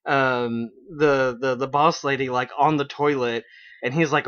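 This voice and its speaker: A man's voice: medium pitch, steady tone, measured pace, fairly bright tone, smooth. A man hosting an internet radio show, casually recapping an anime episode in a rambling way with lots of fillers. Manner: rambling, with many fillers and quoted character lines. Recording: dull lo-fi online radio stream.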